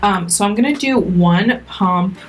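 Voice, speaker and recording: A woman's voice: medium pitch, a little slow, over music. A young woman chatting casually through a makeup tutorial, self-mocking and talking straight to her viewers. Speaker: beauty vlogger.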